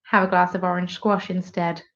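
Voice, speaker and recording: A woman with a fairly low voice hosts a live knitting podcast from home, rambling casually as she knits and reads out viewer comments. Her delivery is flat and her speed normal, and the high frequencies are cut off.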